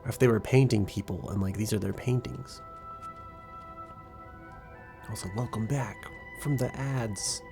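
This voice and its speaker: A man's voice: lowish voice, moderate pace, creaky. A young man streaming a game, giving casual, profane, rambling and joking commentary. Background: faint background music.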